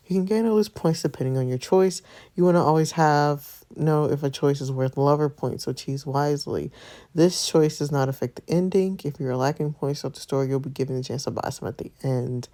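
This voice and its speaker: A woman's voice: deep voice, normal speed, warm tone. A woman chatting playfully while she plays through a romance story game. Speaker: gamer. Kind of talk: let's play commentary.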